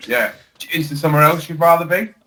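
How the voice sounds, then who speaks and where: A man co-hosting a casual podcast, telling stories with animated laughter. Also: on the high side, fast, low-quality recording. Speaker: podcast co-host. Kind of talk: casual chat.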